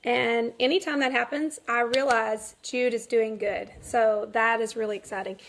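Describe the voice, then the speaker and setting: A woman's voice: a little high, fairly even intonation, moderate pace, a little hiss or hum. A woman in her thirties chatting casually to camera at home, laughing through her story with lots of fillers. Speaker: mother vlogging. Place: home, kids nearby.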